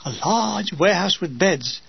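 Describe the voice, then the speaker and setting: A man's voice: high-pitched, expressive, normal speed, creaky, breathy edge, no room sound, lo-fi sound. An older man reading his humorous wartime memoir aloud with a dry comic delivery, briefly mimicking his comrades.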